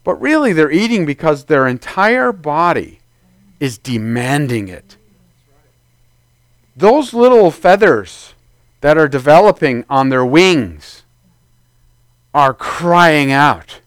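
High-voiced man preaching conversationally. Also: animated, measured pace, smooth, dry recording. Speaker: pastor. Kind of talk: sermon.

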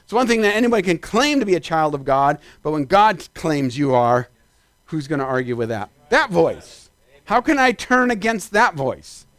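A man preaching a sermon as pastor, climbing into shouted peaks and then dropping into quick asides. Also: a little high, very animated, no room sound.

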